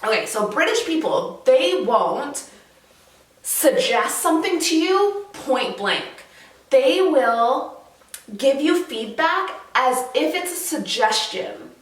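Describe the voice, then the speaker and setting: A woman from Canada chatting casually to camera as a vlogger, animated and laughing often. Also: sits high, slow pace, distant mic. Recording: roomy echo, slightly off mic.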